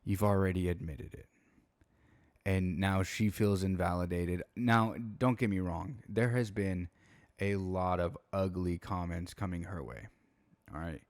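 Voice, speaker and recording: A man's voice: sits low, steady tone, unhurried, no room sound. A young man talking through a late-night commentary video at home, laid-back and slangy, tired and yawning between points. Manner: laid-back, slangy, rambling with frequent fillers. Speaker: commentary YouTuber.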